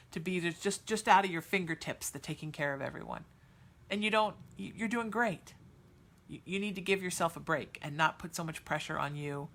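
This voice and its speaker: A woman hosts a podcast and gives live psychic readings to chat viewers, sounding soothing and reassuring and calling listeners sweetheart. She's chatty, with lots of fillers. Her voice is lowish with a fairly bright tone.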